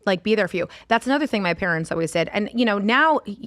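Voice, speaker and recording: A woman's voice: mid-range voice, animated, quick pace, a bit bright, dry recording, clean studio sound. A woman in her forties, a podcast guest in casual chat, talking candidly, swearing freely and laughing often.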